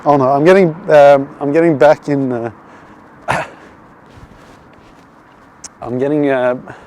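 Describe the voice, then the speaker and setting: Slow and a little mellow, his medium-pitched voice holds a steady tone as he streams live on a city street after dark. This man from Sweden rambles, curses, restarts and reads viewers' messages aloud, over faint traffic and street sounds.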